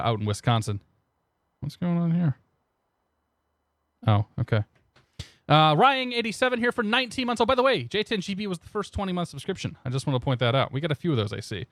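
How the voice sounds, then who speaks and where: A man's voice: on the high side, sing-song, fast talker, a bit bright, no room sound, clean studio sound. A young man streaming a flight sim, rambling casually and greeting his chat by name into a desk microphone. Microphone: new desk microphone.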